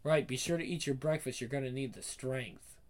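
A man's voice: mid-range voice, a little fast, lightly acted. A man voicing a cheerful middle-aged father who teases his kids in a playful, mock-grand way.

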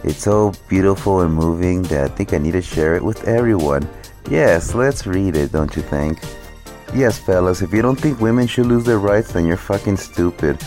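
A man's voice: deep voice, normal speed, darkish tone, soft background music. A man vlogging a sarcastic, mocking rant, swearing heavily as he talks. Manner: mocking, sarcastic, heavy profanity.

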